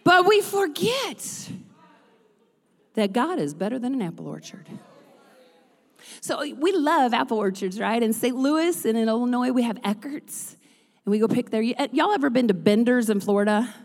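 A woman pastor preaches in a large church, her high voice carrying a long hall reverb. She moves between relaxed, joking asides to the congregation and loud, rhythmic runs of preaching. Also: moderate pace. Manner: builds to loud rhythmic preaching, then drops to chatty asides. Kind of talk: sermon. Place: church sanctuary.

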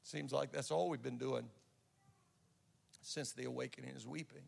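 A man's voice: mid-range voice, fairly even intonation, normal speed, creaky, husky, big-room sound. A man preaching a sermon and telling a personal story in an earnest way, often restarting his sentences. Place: church sanctuary.

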